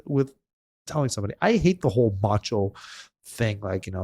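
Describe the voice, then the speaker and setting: A middle-aged man with a gravelly, creaky edge to his voice, chatting on a podcast. He rambles in an earnest, emotional way, repeating himself and circling back to his point. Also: medium pitch, expressive, quick pace, a little mellow. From Canada. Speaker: podcast host. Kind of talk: casual conversation.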